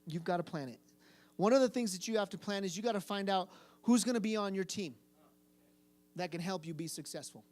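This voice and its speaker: A man's voice: high-pitched, fairly quick, long pauses, darkish tone. A man giving a casual youth group sermon to a live audience in a room. He quizzes the listeners and repeats phrases for emphasis. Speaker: youth pastor.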